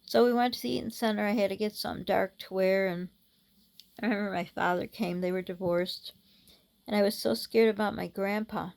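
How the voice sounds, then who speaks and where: A middle-aged woman tells a personal story to her vlog audience. Her voice has a gravelly, fry-edged texture at a medium pitch. She speaks haltingly, stopping and restarting often. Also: steady tone, darkish tone. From United States. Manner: halting, many restarts and fillers. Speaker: vlogger.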